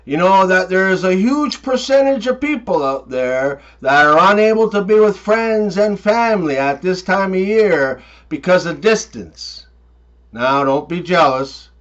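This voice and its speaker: A man telling one-liners and short jokes as a comedian, with quick punchline delivery. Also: high-pitched, animated, fairly bright tone, muffled recording.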